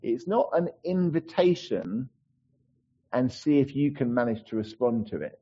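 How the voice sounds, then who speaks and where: A man's voice: mid-range voice, expressive, measured pace, warm tone, breathy edge, lo-fi sound. A man giving a conversational sermon as a pastor in church, with asides and restarts.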